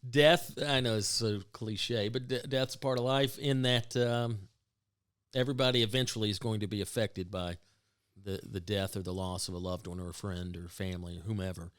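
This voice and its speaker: A man's voice: lowish voice, fairly even intonation, normal speed, a bit bright, smooth, dry recording, clean studio sound. A man co-hosting a casual comedy podcast, blunt and joking, laughing often. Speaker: podcast co-host.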